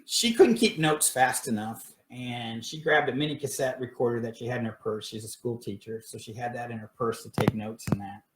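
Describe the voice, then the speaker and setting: A man's voice: mid-range voice, roomy sound. A man casually telling a personal story on a livestream, rambling with many fillers and restarts. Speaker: paranormal research group director. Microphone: phone or webcam livestream.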